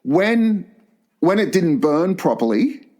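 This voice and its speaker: A man's voice: sits high, big pitch swings, takes it slowly, darkish tone. A man co-hosting a crude comedy podcast, telling rambling stories. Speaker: podcast co-host. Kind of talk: casual comedy chat.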